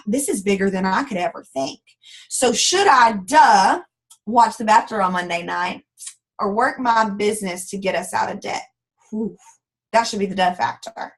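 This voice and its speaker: Heard on a low-quality recording, a woman with a mid-range voice gives a motivational business training talk as a network marketing team leader. She is sassy, folksy and animated, acting out quoted voices.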